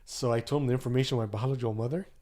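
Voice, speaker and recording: A man in his sixties telling a personal story as a podcast guest in a loose, chatty way, acting out the voices of people in it. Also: racing. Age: 60s. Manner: animated, acts out quoted dialogue with pitch jumps; loose and conversational, many fillers and asides. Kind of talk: casual storytelling.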